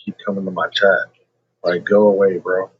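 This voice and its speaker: Man, livestreamer, raspy breathy voice, lo-fi dull sound, rambling, combative, profane. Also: deep voice, level tone, moderate pace. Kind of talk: casual livestream chat.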